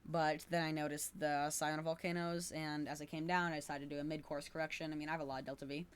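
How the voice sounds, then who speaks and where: A man's voice: fairly high pitch, flat delivery, quick pace, clean tone. A man giving casual gameplay commentary to his channel, rambling, correcting himself and sounding upbeat but unsure of his facts. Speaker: gaming YouTuber.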